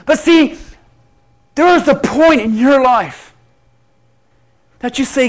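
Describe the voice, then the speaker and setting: A male pastor delivers a sermon with a very high voice and a slow, unhurried pace. He acts out prayers and scripture figures in quoted speech. His delivery swings from loud pleading to hushed asides.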